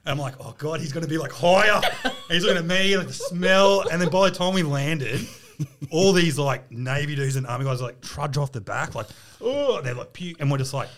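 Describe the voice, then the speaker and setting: An Australian man telling military stories in a casual chat, animated and laughing through it, acting out other people's lines. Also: on the high side, a little fast.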